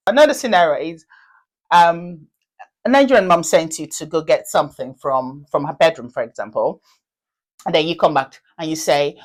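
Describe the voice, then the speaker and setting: A woman's voice: low voice, animated, moderate pace, pauses often. A woman hosting a casual chat show, quizzing her guest playfully and signing off to viewers. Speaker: host.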